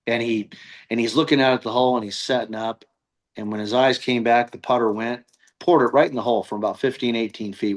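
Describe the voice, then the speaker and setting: Middle-aged male coach, chatty guest, does voices in his anecdotes. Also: mid-range voice. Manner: animated storyteller who acts out quoted voices. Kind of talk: casual storytelling interview.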